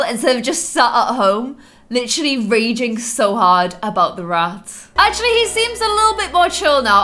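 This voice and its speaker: A young woman talks through her gameplay in a bright, high voice that swings up and down constantly. She gasps, teases and scolds the characters on screen like a fond onlooker. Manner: animated, gasping, teasing asides to players. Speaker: let's play host. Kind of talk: casual gameplay commentary.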